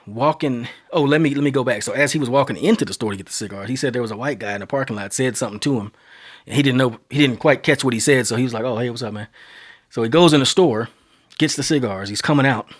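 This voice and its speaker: A man from Texas in his thirties tells a long tale on his podcast in a loose, conversational way. He drifts and circles back, then his voice rises and speeds up as the action builds. His pitch sits in an ordinary middle range for a man. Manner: animated storyteller, voice climbs when excited. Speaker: podcast host. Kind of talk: casual storytelling monologue.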